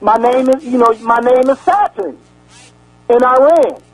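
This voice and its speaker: A man with a strikingly high voice lectures like a preacher over a radio broadcast. He rambles, restarts his sentences and repeats words, then turns to his listeners with questions. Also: lively intonation, a little slow, poor audio. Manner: asks the audience questions. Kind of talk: sermon-style lecture.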